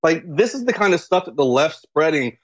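Halting male guest on a dull line. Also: a little high, big pitch swings. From Florida. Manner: halting, with many fillers and restarts. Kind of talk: political talk show interview.

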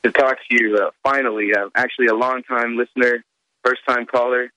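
A man calling in to a talk radio show, picking his way through his points with many fillers and pauses. His voice is bright and forceful at an average pitch, and the sound is dry. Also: fairly even intonation, dry recording, low-quality recording. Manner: hesitant, with frequent fillers. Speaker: caller. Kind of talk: phone-in talk radio call.

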